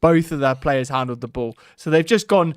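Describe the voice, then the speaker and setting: Footy watchalong host, higher voice, bouncing all over, chatty and excitable, dry close sound. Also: male voice, normal speed, clear, resonant tone, dry recording. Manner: excitable, chatty, laughing, talks to the chat. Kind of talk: live match watchalong chat.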